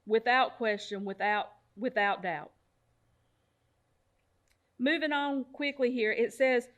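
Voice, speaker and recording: A woman's voice: high-pitched, expressive, fairly bright tone. A woman leading an online Bible study, talking in an earnest, heartfelt way, repeating phrases for emphasis and now and then stumbling and restarting her words. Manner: sometimes halting, restarts words.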